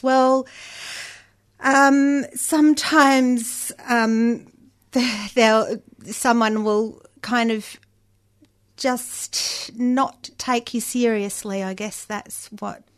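Woman guest, unhurried and higher-voiced, halting, searching for words. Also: steady tone, fairly bright tone. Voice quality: higher-pitched voice. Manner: hesitant, many ums and restarts. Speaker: panel guest. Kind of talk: casual discussion.

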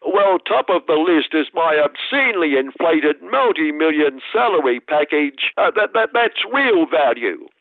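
A self-satisfied corporate chief, put on by a man, pitched a little higher and halting over his words. The sound is dry and squeezed into a thin, phone-like radio band. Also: very animated, gravelly, no echo, full character voice. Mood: smug. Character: smug greedy male corporate boss, middle-aged.

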